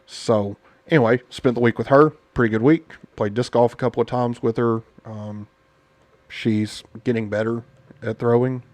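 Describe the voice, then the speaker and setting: A man's voice: medium pitch, fairly even intonation, normal speed, darkish tone, no echo. A man hosting a casual podcast, talking bluntly and indignantly, with many fillers. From United States. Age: adult parent. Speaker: podcast host. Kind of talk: casual political podcast chat.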